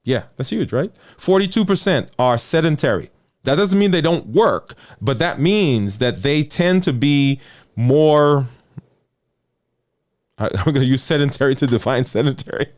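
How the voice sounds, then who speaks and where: Speaking a little slowly, a doctor gives a conversational talk on health, his lively pitch often dipping low and soft on important words. He frequently checks in with the listener and repeats phrases for emphasis.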